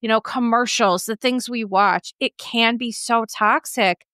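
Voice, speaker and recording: A woman's voice: a little high, steady tone, unhurried, a bit bright, clean tone, no room sound, clean studio sound. A woman in her forties, a therapist hosting a podcast, chatting casually and acting out her own reactions.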